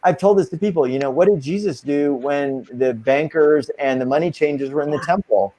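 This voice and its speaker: A man's voice: a little high, fairly quick, dark tone. A man as an interview guest, talking casually and earnestly as he coaches listeners through spiritual steps.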